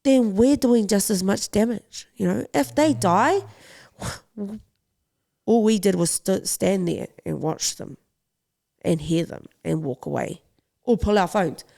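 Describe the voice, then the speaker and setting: A young adult woman speaks as a podcast guest about her own story, with a gravelly, creaky edge to her voice. Her pitch sits in an ordinary middle range. She talks in an impassioned way and pleads urgently with her listeners. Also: slow, dark tone. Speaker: boxing champion guest. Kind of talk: podcast interview, personal story.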